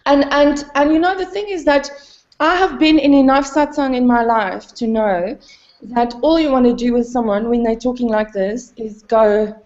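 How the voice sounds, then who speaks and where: A woman's voice: fairly high pitch, unhurried, long pauses, darkish tone, reverberant, muffled recording. A woman talking candidly in a spiritual gathering, rambling and self-deprecating with many fillers. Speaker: satsang participant.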